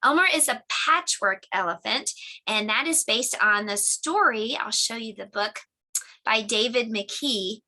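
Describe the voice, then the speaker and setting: Bright-voiced homeschool teacher woman. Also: a little high, unhurried. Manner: clear, patient teacher talk with clapping of syllables. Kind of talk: home lesson demonstration.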